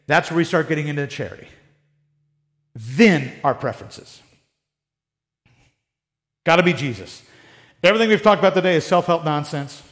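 An American man preaching a sermon in a conversational way, with sarcastic asides. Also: high voice. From United States. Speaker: pastor.

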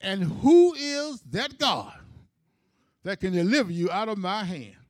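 Proud taunting king, male, high-voiced, a preacher playing the part inside a sermon, dry sound. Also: moderate pace, no room sound, natural voice. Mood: boastful. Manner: mock-generous, taunting.

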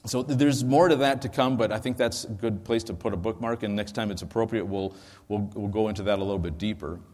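A man's voice: fairly low pitch, fast, a little mellow, in a large hall. A male pastor teaching a sermon into a microphone, explaining in a conversational way with frequent ums and asides.

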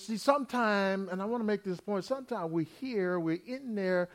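A man's voice: high-pitched, normal speed, few pauses. A man preaching a sermon, retelling a parable in folksy everyday speech and acting out its characters as he goes. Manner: animated preaching, acts out the brothers and father in plain voices, folksy grammar.

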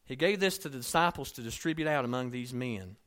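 A man's voice: medium pitch, expressive, fast. Man preaching a conversational sermon. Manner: conversational storytelling preaching, swings between soft asides and emphatic lines. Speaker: pastor.

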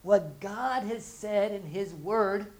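A woman's voice: medium pitch, takes it slowly, a little mellow, low-quality recording. A woman preaching a conversational sermon. She restarts and repeats words, and she acts out the everyday voices of her listeners.

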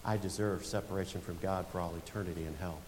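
A man's voice: low-pitched, fairly even intonation, fast talker. A man in his forties preaching a sermon as a pastor in a church, telling a story and building to emphatic points. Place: church sanctuary. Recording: long hall reverb with faint hiss.

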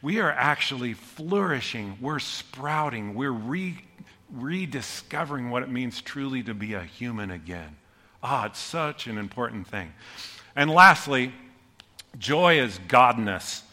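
Middle-aged male pastor with a bright, lively delivery, preaching in a reverberant hall. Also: medium pitch. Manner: storytelling, animated, self-deprecating humor. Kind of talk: sermon.

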